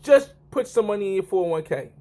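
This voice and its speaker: A man's voice: big pitch swings, quick pace, warm tone. A man imitating an insistent older Caribbean coworker who keeps repeating his advice in a Caribbean accent. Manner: high, pushy, repeating advice.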